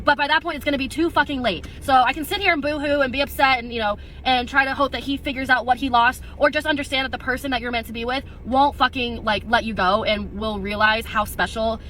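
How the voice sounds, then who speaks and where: A woman's voice: high voice, fairly even intonation, bright, forceful tone, slight background noise. A young woman venting to camera, frustrated and swearing. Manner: rapid, frustrated, profane.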